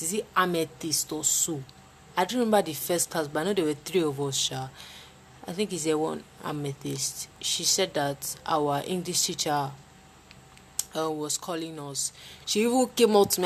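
Lively Nigerian woman telling a story. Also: gravelly, slight background noise. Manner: lively, dramatic retelling with sudden jumps in pitch. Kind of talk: casual storytelling.

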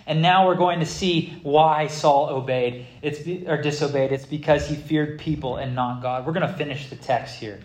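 Pastor guy preaching, high voice, animated and theatrical, echoey room. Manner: animated and theatrical, acting out scripture with laughs. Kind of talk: sermon.

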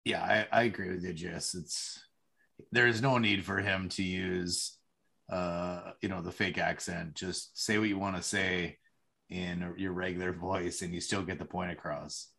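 A man's voice: deep voice, steady tone, measured pace, vocal fry, sharp tone. A man chats on a sports podcast, telling stories in an easy, friendly flow and laughing readily. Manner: chatty, laughs easily. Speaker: podcast co-host. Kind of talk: casual sports chat.

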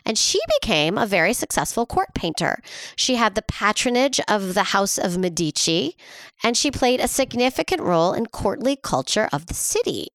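A woman's voice: medium pitch, big pitch swings, moderate pace, fairly bright tone, no room sound, clean studio sound. A woman co-hosting a podcast, casually retelling a history story with sarcastic asides. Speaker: podcast co-host.

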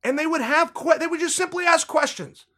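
A man's voice: very high-pitched, fairly quick, sharp tone. A man hosting a sports podcast, talking in an emphatic, indignant way and repeating phrases for emphasis. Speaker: podcast host. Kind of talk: heated sports commentary.

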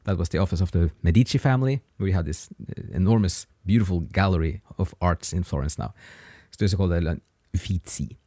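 A man teaching a grammar lesson, patient and encouraging, pausing so learners can answer before he gives the form. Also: low voice, mellow, no room sound, studio quality. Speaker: language teacher.

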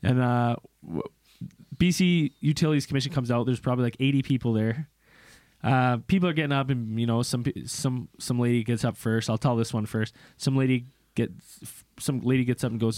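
A young man co-hosting a podcast, telling a story casually, swearing and mimicking people in squeaky voices. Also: brisk, darkish tone, no echo, studio quality. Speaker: podcast co-host.

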